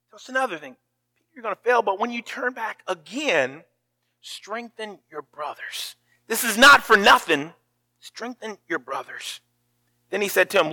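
A pastor preaching a sermon, telling the story with feeling and acting out the lines of the people in it. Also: male voice, high voice, very animated, measured pace, bright, forceful tone.

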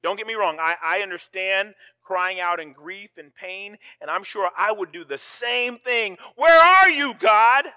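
Dramatic preacher man with a bright voice. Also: sits high, moderate pace, hardly any pauses, dry recording. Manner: dramatic, swings from hushed to loud, repeats words. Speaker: pastor. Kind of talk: sermon.

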